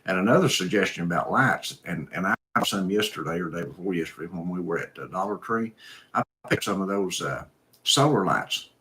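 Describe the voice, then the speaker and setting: A man's voice: deep voice, animated, brisk, bright, forceful tone, slight background noise. A man hosting a live stream, reading viewer comments and chatting in an easygoing, folksy, rambling way. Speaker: host.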